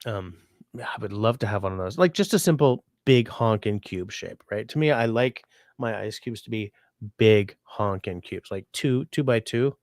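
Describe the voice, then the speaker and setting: A man's voice: lowish voice, lively intonation, normal speed, a little mellow, dry recording, studio quality. A sick man hosting a casual livestream, rambling and reading viewer comments aloud. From Canada. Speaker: livestream host.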